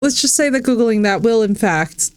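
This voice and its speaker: A woman's voice: fairly high pitch, expressive, normal speed, smooth. A woman commenting live on a game she is playing. She talks in effusive, exclamation-filled bursts. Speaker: game streamer. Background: faint game music.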